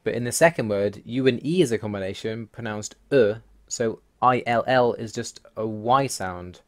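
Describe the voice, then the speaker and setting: A man with a lowish voice speaks at a moderate pace, hosting a language-learning video. His explanatory voice-over accompanies slides as he lists rules one by one, dry and mildly exasperated.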